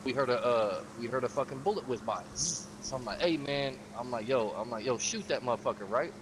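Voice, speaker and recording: A man's voice: mid-range voice, brisk, noisy background. A man casually recounting a game session, profane and streetwise, acting out the quotes of other players. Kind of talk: casual storytelling.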